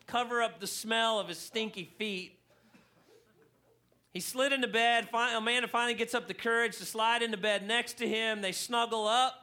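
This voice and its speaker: A man preaching a sermon to a church congregation, telling a funny story in an animated way and getting louder for emphasis. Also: high voice. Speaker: pastor. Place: church hall.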